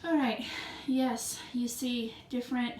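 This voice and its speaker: A woman's voice: on the high side, fairly even intonation, slow, darkish tone. A woman chatting to her viewers in a bubbly, jokey way while out of breath, filming her bedroom on a handheld phone. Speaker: vlogger. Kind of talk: casual chat to viewers. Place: bedroom indoors. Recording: echoey room, faint ambient noise.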